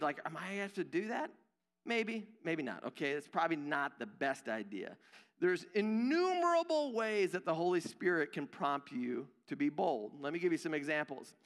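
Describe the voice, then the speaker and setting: A young man preaching in a church sanctuary, his tone high and bright. He talks casually and pokes fun at himself, and his voice rings with long hall reverb. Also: expressive, moderate pace. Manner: conversational, self-deprecating, acts out quoted voices. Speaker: pastor. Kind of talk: sermon.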